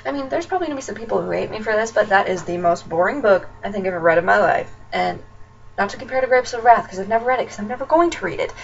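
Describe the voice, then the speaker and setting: A woman's voice: mid-range voice, expressive, racing, vocal fry. A young woman from Nebraska chatting casually as a book vlogger, talking in a chatty, ranting way with lots of fillers. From Nebraska, USA. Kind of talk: casual chat. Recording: distant dull webcam audio with faint noise.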